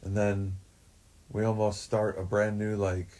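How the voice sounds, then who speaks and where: Low dark husky guy rambling, swears a lot, lots of likes. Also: flat delivery, measured pace. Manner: rambling, profane, filler-heavy. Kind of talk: rambling livestream monologue. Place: forest shack.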